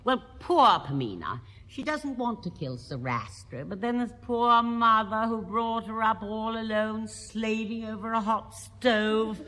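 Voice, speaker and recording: A woman's voice: on the high side, a little slow, few pauses, a bit bright. A woman in her sixties, a musical comedienne, doing a chatty comic monologue with wry asides on stage. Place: large concert hall. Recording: live recording in a large reverberant hall. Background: audience laughter.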